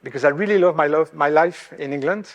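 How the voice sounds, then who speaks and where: A man from France giving a public lecture as a professor, halting with many fillers and restarts, with dry self-deprecating humour. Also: fairly high pitch. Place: lecture hall. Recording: long hall reverb.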